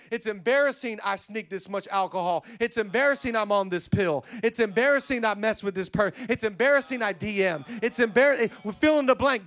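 A man preaching a sermon as pastor, talking casually and then building to shouted lines. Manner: acts out quoted voices with sudden pitch jumps.

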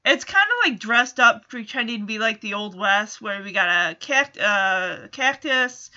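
A woman's voice: on the high side, bright, forceful tone, dull audio. A woman casually recapping a TV episode in a chatty way, full of "kinda" and "like".

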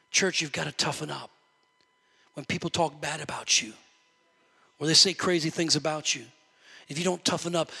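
Pastor, male, high bright voice, lively conversational sermon delivery, echoey church hall. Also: normal speed, vocal fry, breathy edge. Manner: animated, conversational preaching with church call-outs.

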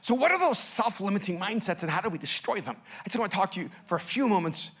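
A man from El Salvador preaching a sermon, telling stories with big swings from soft to loud. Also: sits high, lively intonation, quick pace, husky. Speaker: pastor.

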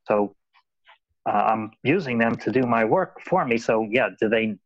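A man's voice: medium pitch, expressive, measured pace, no echo, dull audio. A man in casual conversation, rambling and often repeating his words. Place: Los Angeles.

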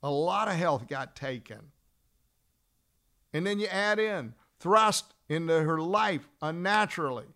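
Guy teaching lawyers, acts out little scenes, slows down on the big words, voice a bit high. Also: gravelly. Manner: acts out dialogue in a lively storytelling way. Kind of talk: storytelling lecture.

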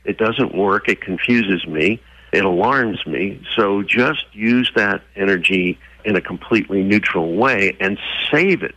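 A man voicing a calm, wise male horse who explains things slowly and patiently. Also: low voice, dry recording, heavily acted, rough recording. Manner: slow, measured, reasoning.

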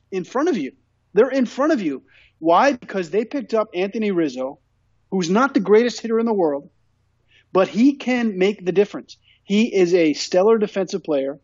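High-voiced ranting sports podcast man. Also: a little mellow, breathy edge, no echo, highs cut off. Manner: ranting, repetitive, emphatic. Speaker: podcast co-host. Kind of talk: casual sports chat.

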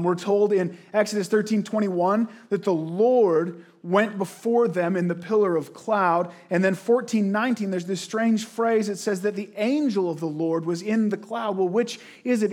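High-voiced man preaching a sermon. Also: darkish tone. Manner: earnest, conversational preaching with rhetorical questions; frequent restarts and repeated words. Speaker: pastor.

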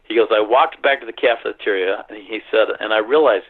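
A middle-aged man recounting a personal story in an earnest, halting way, full of fillers and restarts, over a phone line. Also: medium pitch, gravelly, slightly rough. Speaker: interview guest.

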